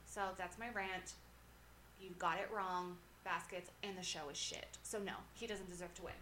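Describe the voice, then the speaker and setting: A woman's voice: lowish voice, steady tone, normal speed, sharp tone, a little hiss or hum. A young woman from Bakersfield co-hosting a podcast, chatting casually and ranting bluntly with frequent swearing. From Bakersfield, California. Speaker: podcast co-host. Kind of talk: casual chat.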